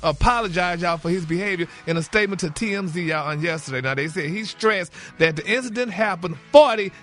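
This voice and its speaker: A man's voice: high voice, brisk, a bit bright, faint music behind. A man hosting a celebrity gossip segment on a morning radio show, sassy and indignant, calling listeners "honey" and "y'all.". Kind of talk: animated gossip chat.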